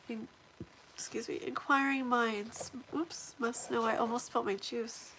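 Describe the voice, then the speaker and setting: Woman, stuffy nose, fairly high voice, chatty and excitable, live stream host, faint background hiss. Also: unhurried. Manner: chatty and excitable, thanking viewers. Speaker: livestream host. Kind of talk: casual live chat, reading viewer comments aloud.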